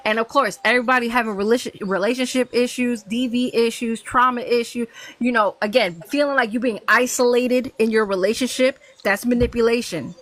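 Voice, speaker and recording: A woman's voice: fairly high pitch, a little fast, a bit bright, dry recording. A woman in her thirties chatting earnestly on a live panel, stacking emphatic repeated phrases. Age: 30s. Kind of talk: casual chat on a live panel.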